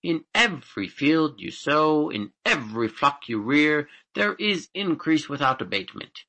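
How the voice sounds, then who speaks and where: A man voicing a wise, patient spirit godfather who speaks in a measured, counselling way. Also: on the high side, very animated, pushed and bright, voice pushed up, full character voice.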